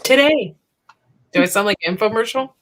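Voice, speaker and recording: A woman's voice: mid-range voice, lively intonation, normal speed, fairly bright tone. A woman co-hosting a livestream in casual chat, bubbly and giggly, teasing her guests over a video call. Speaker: livestream co-host.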